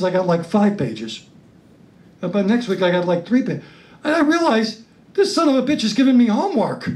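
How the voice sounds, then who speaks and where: A male stand-up comedian on stage telling a story, excitable and ranting, breaking into loud outbursts. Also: extremely high pitch, slight background noise.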